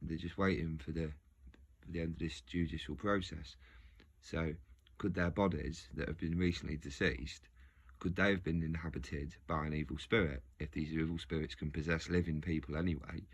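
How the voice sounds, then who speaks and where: A man's voice: rumbling low, normal speed. A man musing casually to his video audience, rambling and restarting his sentences. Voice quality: rambling, self-interrupting, frequent restarts. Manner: animated, laughs often. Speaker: video host.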